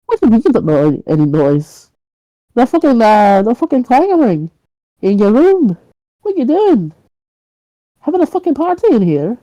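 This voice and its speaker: Woman doing a crude, confrontational stout neighbor, loud and brash, dry sound. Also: medium pitch, measured pace, long pauses, no room sound, lo-fi sound, pitched above the performer's own voice, natural voice. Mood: irritated.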